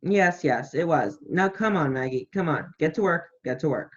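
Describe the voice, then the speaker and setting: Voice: mid-range voice, expressive, moderate pace, breathy edge. A student actor playing an irritable, bossy invalid host in a school play over a video call, imperious and snappish. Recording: dull lo-fi video call audio.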